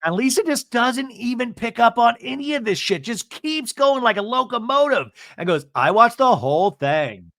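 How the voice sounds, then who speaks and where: Male podcast host, animated and snarky, bright voice, dry mic. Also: extremely high pitch, moderate pace, gravelly, few pauses, dry recording. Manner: animated, sarcastic, swearing. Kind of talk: comedic recap of a reality show.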